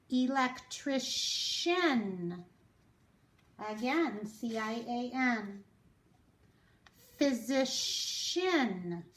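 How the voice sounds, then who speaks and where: Brief: woman phonics teacher, very slow and deliberate, echoey room. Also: a little high, a bit bright. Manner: slow, careful, drawn-out word sounding. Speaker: reading teacher. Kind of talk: phonics lesson for children.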